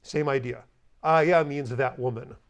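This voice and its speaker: A man teaching a language class, explaining grammar in a conversational way and slowly repeating example words. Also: on the high side. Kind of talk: classroom lesson.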